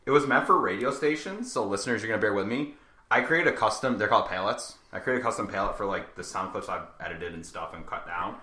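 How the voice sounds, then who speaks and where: A young man co-hosting a casual podcast and running the soundboard, deadpan and teasing. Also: on the low side. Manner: deadpan teasing, quick explanations. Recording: roomy echo.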